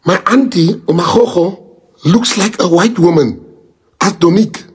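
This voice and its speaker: A man's voice: sits high, normal speed, breathy edge. A South African man whose first language is Afrikaans, speaking to supporters in an impassioned public address and firing off repeated rhetorical questions.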